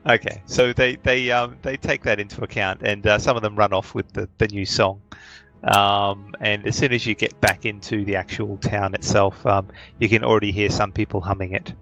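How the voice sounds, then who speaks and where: A man's voice: lowish voice, steady tone, normal speed, a bit bright, faint music behind, poor audio. A man narrating as game master of a tabletop game, hesitant, with many ums and uhs.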